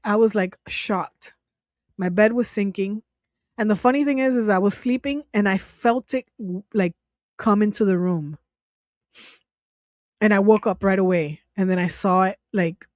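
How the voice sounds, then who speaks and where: A woman's voice: medium pitch, dry recording, clean studio sound. A woman hosting her own channel, telling a personal story in casual talk. She is emotional, restarts often and laughs now and then as she speaks. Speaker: channel host.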